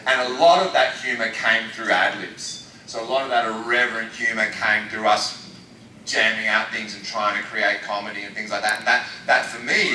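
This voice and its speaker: A man's voice: on the low side, sharp tone, slight background noise. An Australian man talking about his acting work on a convention panel, rambling with lots of restarts. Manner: rambling, enthusiastic, many restarts. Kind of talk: casual panel talk. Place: large convention hall. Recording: echoey hall recorded from far off.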